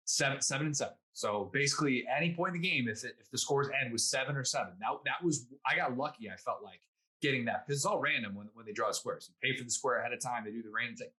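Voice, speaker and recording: A man on a sports panel, chatting quickly and teasing his co-hosts. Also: mid-range voice, bright, forceful tone. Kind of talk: casual panel chat.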